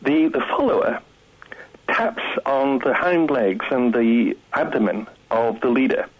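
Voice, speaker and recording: A man, a guest scientist, explaining his research in a measured way on a radio phone-in. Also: mid-range voice, lively intonation, slightly rough. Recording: muffled phone line.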